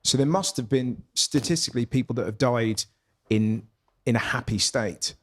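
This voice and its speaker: A man's voice: mid-range voice, moderate pace, fairly bright tone. A man, a guest comedian talking in a reflective, musing way that often trails off and restarts. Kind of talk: casual conversation.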